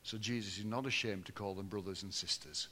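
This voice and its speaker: A man preaching a sermon to a congregation, swinging between loud, lively passages and low, hushed ones. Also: fairly quick. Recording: long hall reverb.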